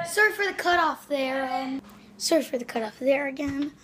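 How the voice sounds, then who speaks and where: High-voiced rambling woman vlogger from Canada. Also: normal speed, a little hiss or hum. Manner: rambling, excitable, lots of "like" and "yeah". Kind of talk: casual vlog. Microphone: phone on a selfie stick.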